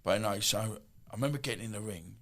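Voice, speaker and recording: Gravelly, low Essex man in his fifties. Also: very fast. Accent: Essex English. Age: 50s. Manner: rambling, animated, full of asides and restarts. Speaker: podcast guest. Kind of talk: casual storytelling.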